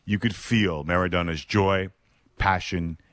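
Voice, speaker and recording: A man hosting a podcast, telling a story in a measured, reflective scripted narration with dramatic pauses. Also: deep voice, steady tone, fairly bright tone. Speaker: podcast host.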